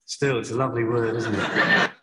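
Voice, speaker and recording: An actor playing a pompous, oblivious middle-aged desk officer in a comedy sketch who keeps turning a report into preaching. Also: male voice, mid-range voice, steady tone, bright, forceful tone, natural voice. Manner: pompous, deliberately mishearing, calls her madam. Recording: roomy, noisy video playback.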